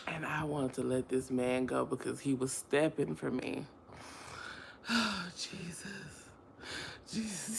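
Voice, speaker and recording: A young woman telling a personal story straight to her viewers in a slangy, emotional way, sliding from low murmurs into loud laughing outbursts. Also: expressive, takes it slowly. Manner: slangy, addresses viewers directly. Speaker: vlogger.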